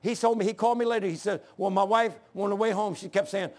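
An older man preaching a sermon, swinging from shouting to hushed storytelling, with a gravelly, husky voice. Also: high-pitched, fairly even intonation, fast. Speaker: pastor.

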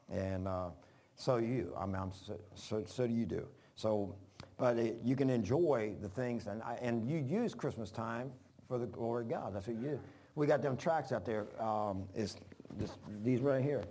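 A man's voice: on the low side, darkish tone. A man preaching an informal sermon, folksy and rambling, repeating phrases for emphasis. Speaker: pastor.

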